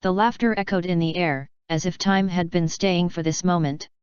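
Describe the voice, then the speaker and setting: A woman reading a novel aloud in an even, steady narration, in a slightly dull lo-fi recording. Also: lowish voice, normal speed, clean tone, no room sound. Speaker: audiobook reader. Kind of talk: scripted narration.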